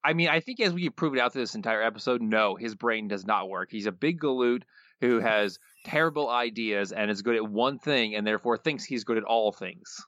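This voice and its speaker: A man's voice: fairly low pitch, fairly quick, fairly bright tone, no room sound. Dry, sarcastic man with muffled audio. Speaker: podcast co-host. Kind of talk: casual podcast chat. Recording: slightly dull, muffled audio.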